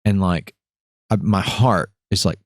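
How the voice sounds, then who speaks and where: Low-voiced, animated male storyteller. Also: measured pace, no room sound, studio quality. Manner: animated, acts out voices, swears freely. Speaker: podcast host. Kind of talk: casual storytelling.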